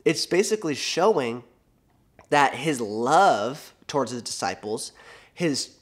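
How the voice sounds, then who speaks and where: A young adult man giving a casual sermon, retelling a Bible story in a conversational, animated way with fillers. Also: mid-range voice, takes it slowly. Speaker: preacher.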